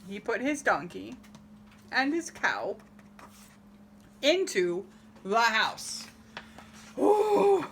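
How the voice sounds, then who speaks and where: A woman's voice: a little high, slow, pauses often, slight background noise. A woman reading a picture book aloud to children, acting out the story and asking them questions. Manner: animated, asks listeners questions, acts out the story. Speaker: storybook reader.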